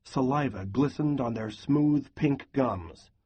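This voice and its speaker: A man reading a novel aloud in a steady, even voice for a class lesson. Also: mid-range voice, slow pace, husky. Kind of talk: read-aloud lesson narration.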